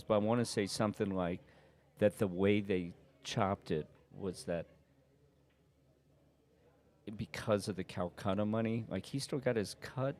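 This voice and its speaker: Low-voiced man telling a rambling story. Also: darkish tone. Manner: rambling storyteller, laughs often. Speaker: pool commentator. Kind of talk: casual live commentary and anecdotes.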